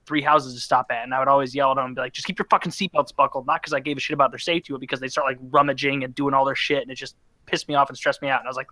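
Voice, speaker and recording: On a podcast, a young man with a medium-pitched, sharp-toned voice casually tells stories, swearing freely and acting out the people he quotes. The recording is dry.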